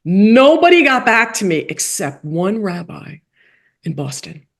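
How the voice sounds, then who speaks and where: A woman being interviewed, telling a story in a lively way that acts out quoted dialogue with big jumps in pitch and drops into soft, quiet asides. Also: a little slow, creaky. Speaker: guest, coach for rabbis and playwright.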